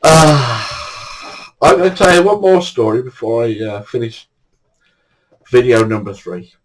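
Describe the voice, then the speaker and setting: A man's voice: medium pitch, unhurried, low-quality recording. An older man telling true stories in a chatty way, often breaking into laughter. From England. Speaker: storyteller. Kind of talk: casual anecdote telling.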